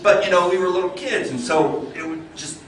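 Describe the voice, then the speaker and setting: A man's voice: a little fast, background noise. Man telling a story in an echoey hall. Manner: animated, builds up energy then drops low. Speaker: club speaker. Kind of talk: storytelling speech. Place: meeting hall. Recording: echoey hall, mic far off.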